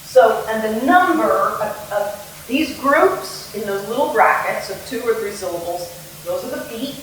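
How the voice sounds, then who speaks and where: A woman's voice: fairly high pitch, animated, unhurried, background noise. A woman theatre director giving a playful lecture on verse meter, acting out rhythms as she explains. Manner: playful, sings and acts out rhythms. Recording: echoey room, mic at a distance.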